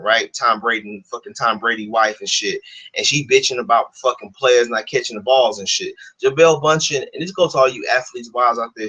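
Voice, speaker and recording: A man's voice: medium pitch, pushed and bright, breathy edge, poor audio. A man vlogging a heated, profane rant, repeating himself and swearing constantly. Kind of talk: profane ranting monologue.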